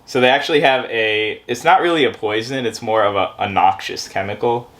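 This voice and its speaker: A woman's voice: extremely low pitch, fairly quick, a bit bright. A woman with family from Zambia, joining as a guest and explaining things in an informative, casual way, often restarting mid-sentence. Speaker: guest co-host.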